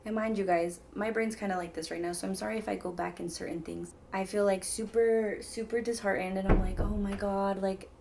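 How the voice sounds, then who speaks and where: With a mid-range, creaky, slightly mellow voice, a young woman vlogger rambles through a personal story for her viewers, full of "like" and "mind you guys." She talks a little fast with fairly even intonation and barely pauses, over slight background noise.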